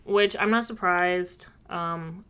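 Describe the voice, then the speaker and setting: An American woman co-hosting a casual chat, animated and joking. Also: lowish voice, slow pace, smooth. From United States. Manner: animated, joking, mocks accents playfully.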